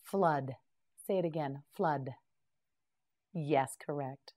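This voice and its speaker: Woman, scripted vocabulary lesson, very slow, clear and encouraging; says a word, waits, then gives brief praise. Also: low-pitched, darkish tone, soft background music. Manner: models each word, then pauses for the learner to repeat; clear, careful enunciation with short encouraging praise. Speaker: English vocabulary teacher.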